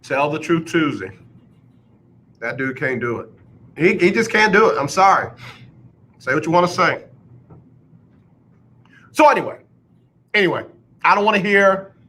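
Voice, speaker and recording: Speaking from a radio studio, this male sports talk host has a forceful, bright tone that runs a bit high for a man. His delivery is a blunt rant built on repetition for emphasis, broken up by occasional mocking impressions of an over-the-top announcer.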